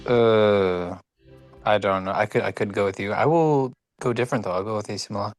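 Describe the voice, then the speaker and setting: A man answers quiz questions in a casual podcast chat. His voice sits a little low, and he sounds hesitant and offhand. Soft music runs faintly underneath. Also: brisk. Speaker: quiz contestant.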